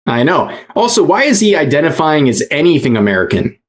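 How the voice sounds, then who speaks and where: A man's voice: a little high, sing-song, brisk. Sarcastic young man doing reaction commentary. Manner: sarcastic, mocking. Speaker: commentary streamer host.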